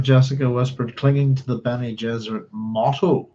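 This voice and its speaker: In casual livestream chat for his book club, a man talks at normal speed with hardly any pauses, his medium-pitched voice fairly even and a little mellow. He apologizes a lot and hums while searching his notes, all in slightly dull lo-fi sound.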